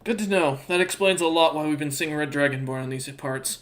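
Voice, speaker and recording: A man's voice: on the high side, fairly quick, a bit bright, natural voice. A man voicing a composed, blunt female soldier who speaks in a dry, businesslike way.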